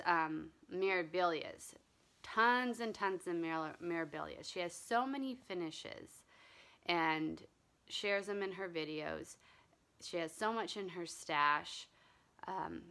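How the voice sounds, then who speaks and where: A woman chats casually in a slow, unhurried vlog. Her voice sits a little low but sounds bright and forward. She rambles with plenty of ums and restarts. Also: gravelly. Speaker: cross-stitch vlogger. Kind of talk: casual chat.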